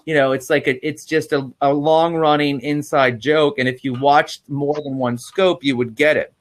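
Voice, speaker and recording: Rambling man telling animated stories. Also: on the high side, normal speed. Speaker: livestream host. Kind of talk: casual chat.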